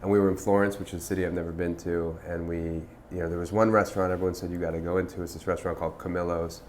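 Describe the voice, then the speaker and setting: A man in his thirties with a very low voice, speaking as a podcast guest. He rambles easily through anecdotes and gets animated at the punchlines. A faint ambient hum sits under the recording. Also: very fast. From United States. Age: 30s. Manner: relaxed, lots of fillers, animated when telling stories. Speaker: restaurant founder, podcast guest. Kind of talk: casual conversational storytelling.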